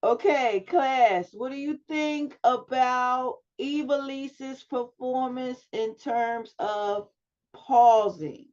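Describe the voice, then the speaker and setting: A woman's voice: high-pitched, extremely slow, darkish tone. A woman teaching a public speaking class over a video call, prompting students with questions and giving feedback. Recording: dull lo-fi video call audio.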